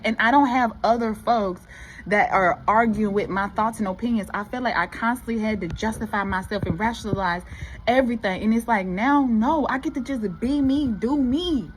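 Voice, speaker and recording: A woman giving an animated motivational talk to her viewers, calling them baby and y'all. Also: medium pitch, a little hiss or hum, low-quality recording. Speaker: motivational vlogger. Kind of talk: casual motivational talk to camera.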